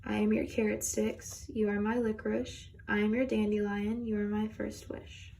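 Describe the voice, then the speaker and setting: A woman's voice: mid-range voice, flat delivery, moderate pace, vocal fry, slight background noise. Young woman reading a rhyming picture book. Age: young adult. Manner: gentle, rhythmic reading of rhyming verse. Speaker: reader. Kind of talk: children's story reading.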